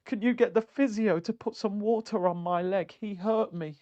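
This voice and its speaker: A man's voice: high voice, normal speed, darkish tone, dry recording, natural voice. A man voicing a whiny, self-pitying male footballer who fakes injury, in a dull lo-fi recording. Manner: whimpering, self-pitying mockery. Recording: dull lo-fi sound.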